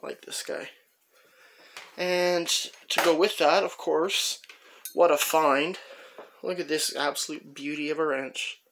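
Chatty gravelly man showing off tools. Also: a little high, steady tone, a bit bright, slight background noise. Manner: rambling, chatty, many "uh" pauses while handling tools. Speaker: tool collector showing his finds. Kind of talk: casual show-and-tell narration.

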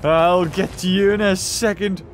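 A man giving excitable gameplay commentary as channel host, laughing often and breaking into shouts. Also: high voice, unhurried. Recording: game music loud behind the voice.

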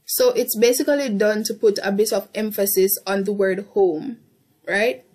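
A woman's voice: mid-range voice, steady tone, moderate pace, mellow, husky. A young woman tutoring through an exam paper, thinking aloud with frequent ums and self-corrections. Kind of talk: casual past-paper walkthrough.

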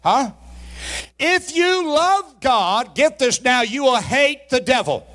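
A man with a strikingly high voice preaches in a church sanctuary. He moves between slow, drawn-out emphasis and shouted peaks, calling for responses from the congregation. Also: big pitch swings. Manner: folksy, humorous asides to the congregation. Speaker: pastor. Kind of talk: sermon.

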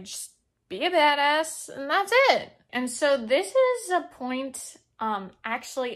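A young woman casually reviewing a book, chatty and opinionated, with plenty of fillers. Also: fairly high pitch. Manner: expressive, opinionated.

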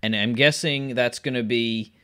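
A man's voice: mid-range voice, steady tone, normal speed, bright, forceful tone, clean tone. A man co-hosting a podcast, recapping wrestling matches in a casual, chatty way and laughing often. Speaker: podcast co-host.

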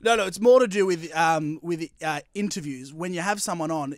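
A man's voice: on the high side, brisk. A young Australian man, a radio host, chatting and laughing through a comedic prank call, breaking into put-on coughing fits and stammering.

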